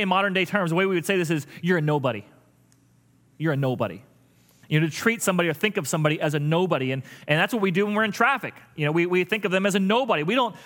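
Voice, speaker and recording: A man's voice: sits high, pushed and bright. A middle-aged man preaching a conversational sermon as a pastor, often repeating words while thinking aloud.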